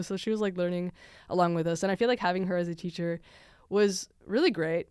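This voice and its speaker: A woman's voice: fairly low pitch, steady tone, fast talker, a little mellow, clear, resonant tone, no echo. Young Venezuelan woman, podcast host, rambling chatty storyteller with a dry, close sound. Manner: chatty, many fillers, laughs often. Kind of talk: casual storytelling.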